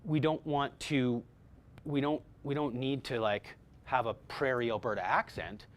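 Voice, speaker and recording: A man's voice: medium pitch, unhurried. A man teaching a voice-over workshop to a group, talking energetically with many fillers and repeated words. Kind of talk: casual workshop talk.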